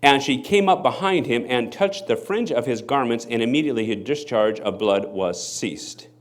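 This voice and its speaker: A man's voice: medium pitch, normal speed. A male pastor preaching a sermon, acting out the people in the story as he goes. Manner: animated, acts out the people in the story. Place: church.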